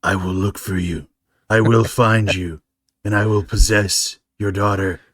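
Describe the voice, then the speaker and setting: Man doing a grim, low movie-hero threat. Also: fairly even intonation, a little slow, dry recording, studio quality. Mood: menacing. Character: impression of a grim vengeful movie hero, middle-aged man.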